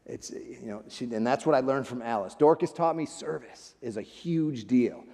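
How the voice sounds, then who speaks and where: In a church sanctuary, a male guest speaker delivers an emotional, conversational sermon, often calling the listeners "friends" and "man." His mid-range voice is creaky and dark in tone, at a moderate pace. The recording carries the long reverb of a large hall.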